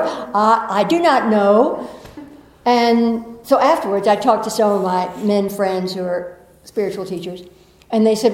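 A woman's voice: mid-range voice, a little slow, crowd noise. Southern woman giving a spiritual talk. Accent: American Southern. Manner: earnest, reflective, with playful asides. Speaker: spiritual teacher. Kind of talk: inspirational talk to an audience. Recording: echoey room.

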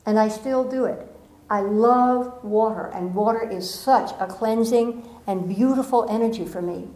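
A middle-aged woman giving a gentle, earnest spiritual talk with playful asides. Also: fairly high pitch, unhurried, reverberant, low-quality recording. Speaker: spiritual speaker.

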